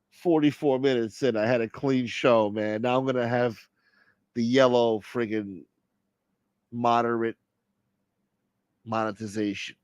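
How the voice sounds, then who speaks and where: A man's voice: mid-range voice, steady tone, unhurried, long pauses, smooth, no room sound, highs cut off. A man hosting a casual live-stream chat, rambling, profane and opinionated. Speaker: livestream host.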